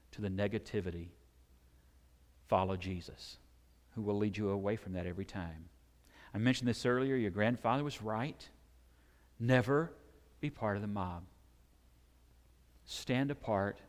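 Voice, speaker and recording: A man preaching a sermon, animated and conversational, sometimes acting out the shouting crowds he describes. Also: on the low side. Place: church sanctuary. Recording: long hall reverb.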